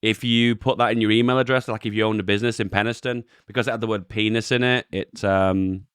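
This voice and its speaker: A young man gives casual meme commentary in a fairly low voice. He talks in a relaxed way, chuckles often and swears offhandedly. The recording is dry and close, with no room sound. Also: quick pace, clean tone, no room sound. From England. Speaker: YouTube host reviewing memes.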